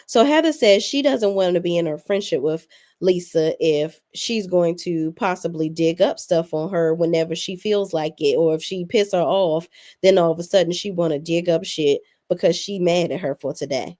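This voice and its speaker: A woman's voice: lowish voice, moderate pace, mellow. Blunt, sassy woman recapping reality TV. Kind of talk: casual recap commentary.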